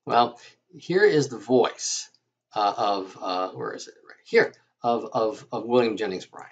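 A man lecturing as a history teacher, with a halting delivery full of fillers and restarts. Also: on the low side, very animated, breathy edge. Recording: dull lo-fi lecture audio.

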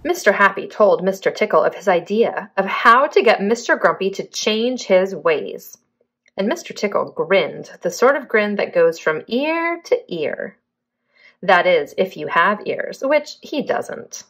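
A woman's voice: mid-range voice, big pitch swings, measured pace, fairly bright tone. A young adult woman, a preschool teacher, reading a picture book aloud expressively and asking young children questions.

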